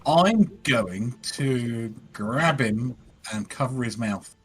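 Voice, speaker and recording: A man's voice: medium pitch, animated, slow. A man playing a tabletop game, hesitant and thinking aloud with ums. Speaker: player.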